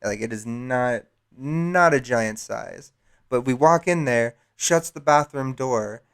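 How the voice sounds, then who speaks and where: Brief: male podcast host, mid pitch, smooth and clear, swearing storyteller. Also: slow. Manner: profane, rambling, animated. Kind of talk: casual storytelling.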